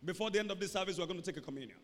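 A male pastor preaching a call-and-response sermon, swinging between loud emphatic calls and low asides. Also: expressive, rapid-fire. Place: church sanctuary. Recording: reverberant church hall, faint noise.

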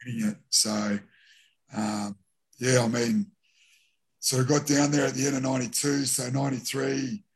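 A man's voice: mid-range voice, steady tone, normal speed, long pauses, slightly rough. A middle-aged Australian man, a former rugby league player, telling rambling, self-deprecating stories in a casual interview.

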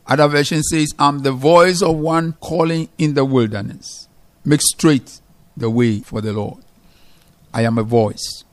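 A man preaching a sermon as pastor, emphatic, swinging between loud calls to his listeners and low, quiet stresses. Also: fairly even intonation, a little slow.

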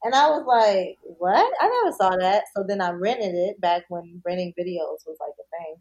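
A woman co-hosting a podcast in casual chat, animated, laughing often and swearing freely. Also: on the low side, brisk, dull audio. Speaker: podcast co-host.

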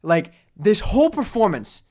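A man's voice: sits high, sing-song, moderate pace. Rambling young man on a podcast. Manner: rambling, filler-heavy storytelling with big swings in loudness. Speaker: podcast co-host. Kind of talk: casual chat.

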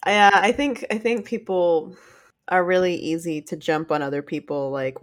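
A woman co-hosting a podcast in casual chat, chatty and laughing often, animated when she retells stories. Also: lowish voice, moderate pace. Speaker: podcast co-host.

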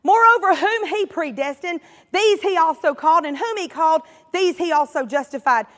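A woman's voice: very high-pitched, moderate pace, a bit bright, long reverb tail. A woman with a Southern US accent preaching a sermon with passion, drawing responses from her congregation. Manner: impassioned, emphatic, repeats phrases for effect; calls out to the congregation, asks for responses.

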